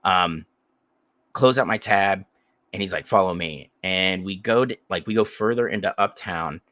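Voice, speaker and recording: A man's voice: deep voice, normal speed, a bit bright, dry recording. A man telling a crude, rambling story in casual chat as a podcast co-host.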